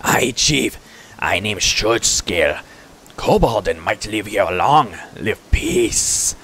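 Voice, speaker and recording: A man voicing a proud little male kobold chief in a video game, speaking slowly in broken phrases. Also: lowish voice, lively intonation, fairly bright tone, a little hiss or hum, heavily acted. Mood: blustery. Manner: broken clipped speech, slow and emphatic.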